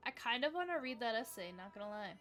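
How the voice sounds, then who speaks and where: A woman's voice: fairly high pitch, sing-song, fast, pushed and bright, faint music behind. A young woman hosting a casual livestream trivia game, chatty and upbeat, dropping "like" often as she talks to viewers.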